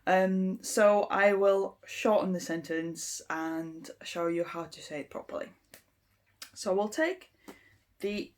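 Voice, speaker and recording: A woman giving an informal language lesson, explaining step by step in an unhurried way with frequent ums. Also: medium pitch, steady tone, darkish tone. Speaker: English teacher.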